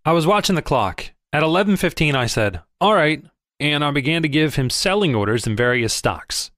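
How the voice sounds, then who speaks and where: A man reading a first-person audiobook in a lively storytelling manner, close to the mic. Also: fairly high pitch, brisk, dry recording. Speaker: audiobook narrator.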